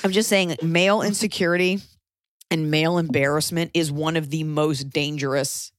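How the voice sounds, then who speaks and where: A woman's voice: deep voice, dry recording, clean studio sound. A woman in her thirties, co-hosting an advice podcast, talking bluntly and emphatically in casual chat and swearing freely. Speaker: podcast co-host giving advice.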